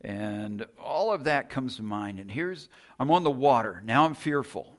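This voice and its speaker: A man at mid pitch giving a sermon. He retells the story casually, often restarting his sentences and posing rhetorical questions to the listeners. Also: expressive, unhurried. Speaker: preacher.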